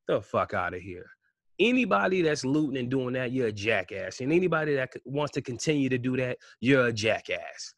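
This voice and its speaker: A man's voice: medium pitch, expressive, fairly quick, dry recording, studio quality. A man giving a blunt, impassioned monologue as a podcast host, full of cussing and rhetorical questions.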